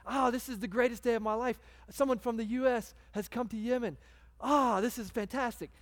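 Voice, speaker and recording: A man's voice: high-pitched, fast, lightly acted. A man voicing an overjoyed, hospitable male taxi driver who talks eagerly and effusively. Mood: delighted. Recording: long hall reverb.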